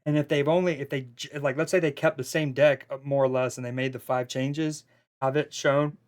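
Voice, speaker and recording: A man's voice: medium pitch, a little fast. Chatty man doing casual esports commentary. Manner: chatty, loose, excitable, with frequent fillers and restarts. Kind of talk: casual live stream commentary.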